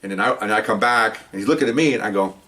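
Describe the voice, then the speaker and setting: Older former police officer telling a story, quick and animated, slightly distant mic. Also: male voice. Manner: animated, jumps up in pitch when acting out dialogue. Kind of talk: casual storytelling. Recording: voice picked up from a distance.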